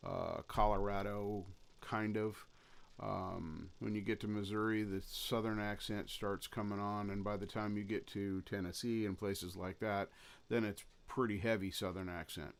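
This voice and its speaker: A man chatting casually with his viewers during a late-night live stream, rambling and halting, with many fillers and restarts. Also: on the low side, little pitch movement, gravelly, clear, resonant tone. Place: his home in the lower Pacific Northwest. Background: his own guitar playing in some parts.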